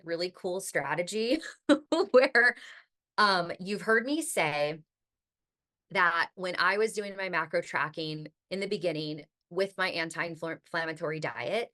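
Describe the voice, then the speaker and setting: Bright-voiced woman podcast host. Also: fairly low pitch. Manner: chatty, heavy use of "like", occasional swearing. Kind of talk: casual podcast monologue.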